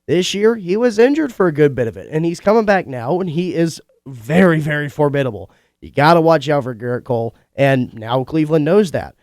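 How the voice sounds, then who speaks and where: A man's voice: on the high side, animated, darkish tone, dry recording. Stuffy-nosed young guy doing college radio sports talk, opinionated, dry studio sound. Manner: opinionated, chatty, quick asides. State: congested. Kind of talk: casual sports talk monologue.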